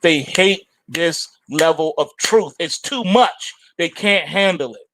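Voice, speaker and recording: A middle-aged man with a slightly raised pitch rants forcefully, hammering the same points again and again. He hosts a trading show and talks straight into a dry, close microphone with no room sound. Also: slow, no room sound, low-quality recording. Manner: forceful, repetitive ranting. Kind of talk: opinionated monologue.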